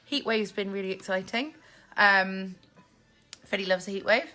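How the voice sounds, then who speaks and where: Bright and forceful, this English woman's mid-range voice moves at a normal speed over soft background music. A chatty vlogger, she hosts a casual live Q&A on her handheld phone at home with family, reading viewer comments aloud and laughing a lot.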